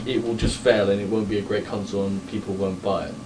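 A co-host with a fairly low voice, hesitant and quick to restart his sentences. He sounds set back from the mic, with clear background noise behind him. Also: level tone, a little mellow, distant mic, rough recording. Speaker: podcast co-host. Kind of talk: casual banter.

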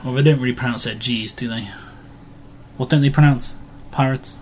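A man's voice: medium pitch, fairly even intonation, moderate pace, a little mellow, slight background noise. A man hosting a casual podcast, joking around and slipping into pirate talk. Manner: jokey, slips into pirate talk. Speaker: podcast host.

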